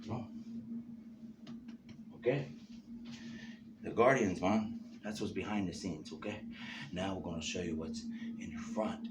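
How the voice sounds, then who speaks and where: Man, lowish voice, rambling casual monologue, loose fillers, noisy recording. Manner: loose free-associating talk, constant "you know" and "man" fillers. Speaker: host. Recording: noisy background.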